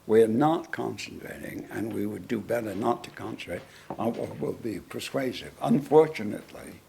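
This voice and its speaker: A man, a guest lecturer, answering audience questions in a lecture hall in a deliberate, wry manner. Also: on the low side, expressive, vocal fry, darkish tone, slight background noise.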